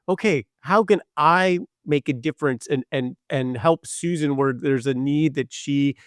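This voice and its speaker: Halting man host with a higher voice. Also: no room sound, clean studio sound. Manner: warm, halting, repeats words. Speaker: podcast host. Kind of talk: casual conversational interview.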